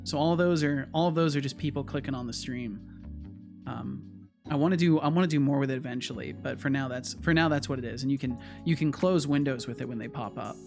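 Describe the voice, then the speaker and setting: A man's voice: mid-range voice, fast, gravelly, a little mellow, faint music behind. A man from the United States chatting casually with his live-stream audience, rambling, repeating words and laughing often. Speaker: streamer and game developer.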